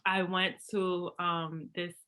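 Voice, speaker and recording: A young woman from Brooklyn, telling a story in casual chat, animated and slangy. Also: on the low side, slow. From Brooklyn, USA. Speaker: book club host.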